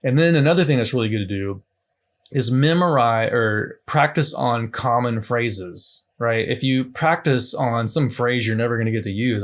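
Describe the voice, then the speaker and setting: Man giving loose, chatty language tips. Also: mid-range voice. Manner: loose and conversational, many restarts and asides. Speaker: language teacher. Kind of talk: casual unscripted teaching talk.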